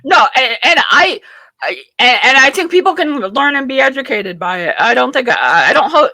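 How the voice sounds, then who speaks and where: A talk show host in a political chat, agreeable and halting, often restarting sentences. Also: high-pitched, very animated, sharp tone, no room sound. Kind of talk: political discussion.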